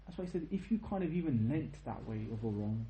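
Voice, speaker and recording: A young man teaches an informal religious lesson, telling the story with lively rhetorical questions and quoted lines. His voice is warm and mellow, at an ordinary pitch for a man. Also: fast, echoey room, poor audio. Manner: animated storytelling, tag questions, quotes in Arabic.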